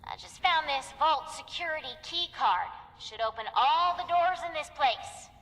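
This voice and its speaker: A woman's voice: high voice, expressive, moderate pace, sharp tone. An actress playing a brash, tough young woman with an exaggerated twang who leads a trapped squad in a video game. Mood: bargaining. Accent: exaggerated Southern-style twang. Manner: brash, bargaining.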